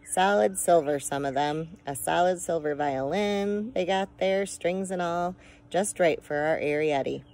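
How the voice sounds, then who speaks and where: A woman voicing a tiny, fretful borrower mother in a storybook reading, speaking gravely and sharply. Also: lowish voice, a little slow, darkish tone. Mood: eager.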